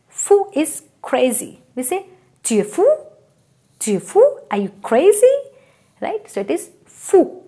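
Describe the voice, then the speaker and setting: A woman's voice: high-pitched, a little mellow. A woman, teaching a language lesson. She repeats each word and keeps checking in with "right?". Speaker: French teacher.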